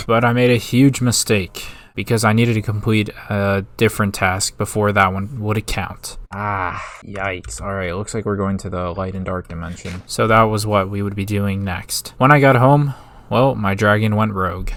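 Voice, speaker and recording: Brief: man, lower register, gaming creator recapping a survival run, casual and upbeat, quick to yelp at danger. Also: a little hiss or hum. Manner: upbeat recap narration broken by excited outbursts. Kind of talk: casual gameplay narration with live reactions.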